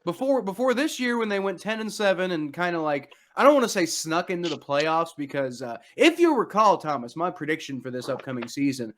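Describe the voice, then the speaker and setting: A young American man talks fast and excitedly on a casual sports podcast, stumbling over restarts as he rambles on. His voice sits a bit high for a man. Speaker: podcast host.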